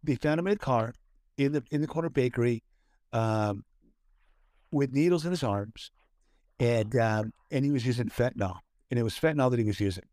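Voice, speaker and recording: A man's voice: mid-range voice, brisk, a little mellow, dry recording, clean studio sound. A man from Southern California co-hosting a casual podcast, telling a story with many fillers and restarts. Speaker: podcast co-host. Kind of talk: casual chat.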